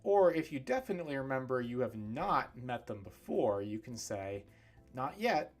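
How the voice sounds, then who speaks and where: A man teaching English pronunciation on a livestream, demonstrating sounds slowly and clearly. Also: mid-range voice, very animated, soft background music. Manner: slow, clear over-articulated demonstrations.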